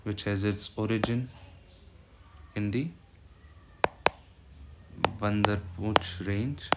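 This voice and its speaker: A man's voice: lowish voice, steady tone, extremely slow. A man with an Indian English accent giving an exam-prep geography lecture, switching between English and Hindi and checking in with a frequent "right?". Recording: loud background noise with clicks.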